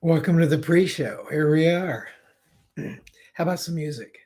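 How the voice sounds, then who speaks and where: Slow-talking, chatty male show host. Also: fairly high pitch, a little mellow. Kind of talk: casual live-stream show chat.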